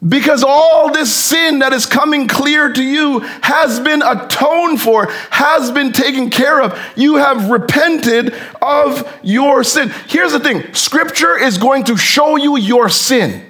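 A man preaching a sermon with fervent rhetorical questions, moving from hushed reading to shouting. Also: extremely high pitch, takes it slowly, few pauses.

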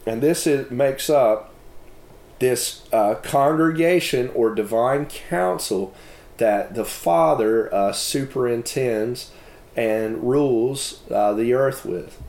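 A man giving a personal testimony and reading scripture aloud, speaking haltingly with many fillers and restarts. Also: mid-range voice, gravelly, darkish tone. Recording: echoey room.

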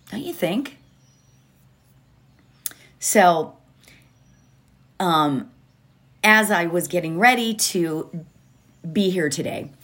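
A woman speaks slowly and unhurriedly, giving a reflective motivational talk from home. She leans on repeated phrases and rhetorical questions in a gentle, mid-pitched voice. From United States. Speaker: mindfulness speaker.

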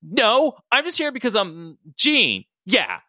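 Man doing shrill defensive hero, yelling high. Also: huge pitch swings, takes it slowly, no room sound, clean studio sound, heavily acted. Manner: shouty, defensive. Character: defensive, bumbling male hero with eye beams.

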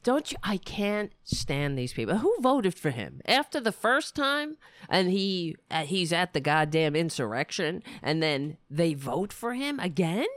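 A woman's voice: fairly low pitch, dry recording, studio quality. Rambling, profane woman podcast host. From New York. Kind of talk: casual ranting commentary.

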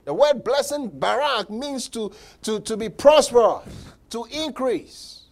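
A man preaching a sermon as pastor, emphatic, with repeated words and dramatic pauses. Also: very high-pitched, lively intonation, gravelly, a little mellow.

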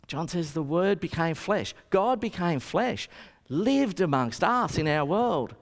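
A man's voice: high-pitched, expressive, measured pace. A man preaching a sermon, telling stories and acting out the voices of the people in them. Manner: storytelling, acting out the people he quotes. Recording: long reverb of a hall.

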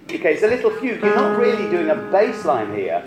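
A male choir conductor leads a rehearsal in an echoey hall, encouraging the singers with hesitant restarts and short sung snippets while the choir sings behind him. His voice sits high, swings hugely in pitch, and moves fairly quickly.

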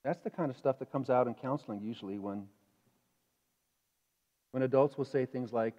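A male pastor preaching a sermon in a conversational, animated way, asking the congregation questions. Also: mid-range voice, moderate pace, long pauses. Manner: animated, acts out inner voices. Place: church sanctuary. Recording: dull reverberant church hall.

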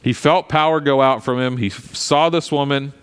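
A pastor giving a sermon in a conversational, animated way, with frequent asides to the congregation. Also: male voice, mid-range voice, moderate pace, clear, resonant tone. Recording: long hall reverb.

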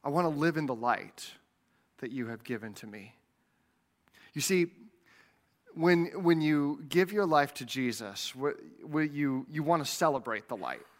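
A man's voice: fairly high pitch, lively intonation, unhurried. A man preaching a sermon as pastor, earnest, often repeating words as he goes.

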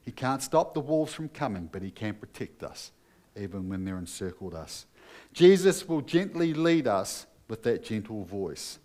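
A man's voice: fairly low pitch, very animated, normal speed, a little mellow. A man preaching a sermon as pastor, earnest and emphatic, putting questions to his listeners.

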